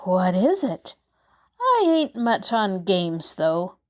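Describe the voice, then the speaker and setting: A woman voicing an excited, flustered young country housemaid, with breathless exclamations. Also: mid-range voice, takes it slowly.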